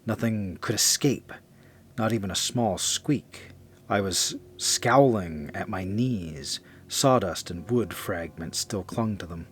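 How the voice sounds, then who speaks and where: A man narrating a first-person horror story in a measured, confessional way. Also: deep voice, a little hiss or hum.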